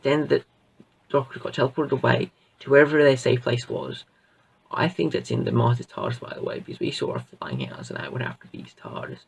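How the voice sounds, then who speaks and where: A man's voice: medium pitch, lively intonation, a little fast, gravelly, husky, far from the mic, poor audio. A man reviewing a show in a casual, rambling way, full of fillers and restarts. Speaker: video reviewer.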